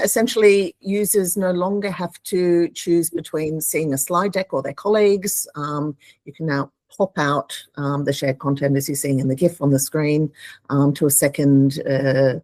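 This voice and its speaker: A woman with a lowish voice co-hosts a live webinar. She speaks in a friendly way with lots of fillers, and the sound is dry and close. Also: steady tone, moderate pace, a little mellow, no echo. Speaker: webinar co-presenter.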